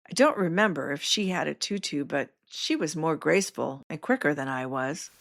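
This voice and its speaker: A woman's voice: deep voice, background noise. A woman, the podcast host, reading her memoir aloud in the first person, with wry self-mocking humor.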